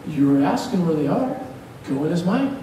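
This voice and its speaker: A man preaches from the pulpit with a mellow, somewhat higher voice, mixing jokes with fervent urging. He stands well back from the mic in a church hall that rings with heavy echo, and a faint hiss sits under the recording. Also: normal speed, far from the mic. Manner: lively, joking, exhorting. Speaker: pastor. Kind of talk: preaching a sermon. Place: church sanctuary.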